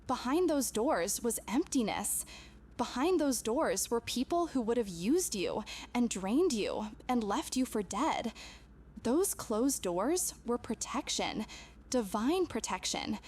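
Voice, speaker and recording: A woman's voice: a little high, big pitch swings, slow pace, a little mellow, slightly rough. A woman speaking earnestly and intimately to a camera, delivering a channeled spiritual message with emphatic repetition.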